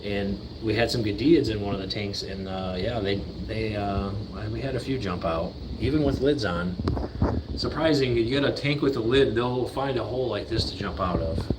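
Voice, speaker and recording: A man's voice: fairly low pitch, normal speed, background noise. A middle-aged man hosting a casual livestream, chatting in a laid-back way and talking to his fish. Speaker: livestream host. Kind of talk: casual live-stream chat. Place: fish room with aquarium tanks.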